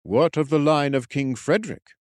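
A man reading as an ancient male warrior risen to serve, bold and loyal, his words slow, formal and old-fashioned. The voice sits a little higher than the reader's own, with a slightly altered tone, recorded dry and close. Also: darkish tone, no echo, lightly acted. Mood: earnest. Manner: formal, archaic, measured speech. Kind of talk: audiobook character voice.

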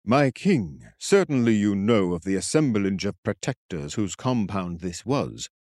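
A man reading as an ancient male warrior risen to serve, bold and loyal, his words slow, formal and old-fashioned. The voice sits a little higher than the reader's own, with a slightly altered tone, recorded dry and close. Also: sing-song, a little mellow, no echo. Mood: solemn. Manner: formal, archaic, measured speech. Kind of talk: audiobook character voice.

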